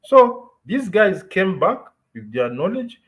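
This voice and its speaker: A man's voice: sits high, sing-song, slow pace, a bit bright, rough recording. A Kenyan man in casual, opinionated podcast chat, switching between English and Swahili as he tells stories. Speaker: podcast host.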